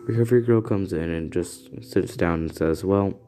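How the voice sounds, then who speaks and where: A man casually narrating an improvised fan story, halting and restarting often. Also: sits low, dark tone, soft background music.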